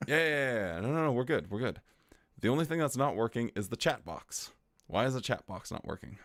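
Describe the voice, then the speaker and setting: A man's voice: medium pitch, lively intonation, fairly quick, a bit bright, no room sound, studio quality. A man hosting a casual livestream, playfully greeting viewers in chat. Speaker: livestream host. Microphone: desktop microphone.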